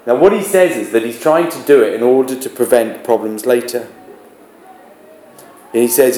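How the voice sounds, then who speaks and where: A male teacher explains a text to his class in an unhurried way, often asking rhetorical questions as he goes. His voice is mellow and dark. The classroom is echoey, with a faint hum of background noise. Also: mid-range voice. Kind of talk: classroom literature lesson.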